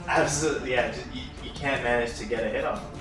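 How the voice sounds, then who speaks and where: A man runs a tabletop game as game master, narrating loosely with plenty of fillers and little laughs. He sits well back from the mic in a roomy, echoing space. Clear music plays underneath. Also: mid-range voice, steady tone, fast. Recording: echoey room, distant mic, music.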